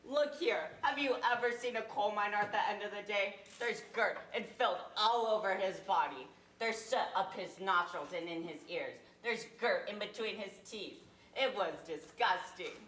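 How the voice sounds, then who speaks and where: A woman's voice: mid-range voice, normal speed, a bit bright, close to an everyday voice. Young woman as a wheedling dockside hustler, salesman patter, echoey stage, distant mic, faint hiss. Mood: animated. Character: a young male waterfront hustler, pushy and cheeky. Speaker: student actor. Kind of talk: school stage play. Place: school theater stage.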